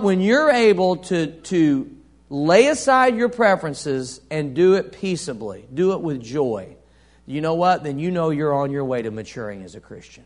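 A man preaching a sermon, reading scripture aloud and asking the congregation questions, swinging from soft to loud. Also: a little high, very animated, moderate pace. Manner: reads scripture aloud, asks the congregation call-and-response questions.

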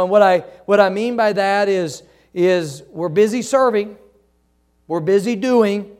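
A man preaching a sermon as a pastor, reading scripture aloud and asking the congregation to answer back, often dropping to soft, slow phrases. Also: high voice. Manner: preaching with call-and-response questions to the congregation.

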